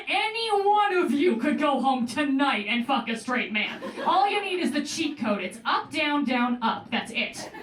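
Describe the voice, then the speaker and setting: High-voiced young woman doing stand-up. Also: a little hiss or hum. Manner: quick deadpan delivery, playful asides. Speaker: stand-up comedian. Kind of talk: stand-up comedy set. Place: comedy club stage with live audience. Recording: roomy club sound heard from a distance. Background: audience laughing.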